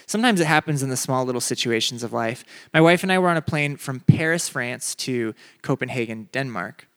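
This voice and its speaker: A young adult man preaching a sermon, telling a funny personal story with big rises in his voice, then dropping low and soft for the message. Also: animated, brisk.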